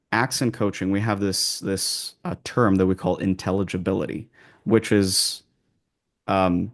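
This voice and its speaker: A man working as an accent coach, answering interview questions in a calm, measured way, with pauses and frequent restarts. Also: on the low side, creaky.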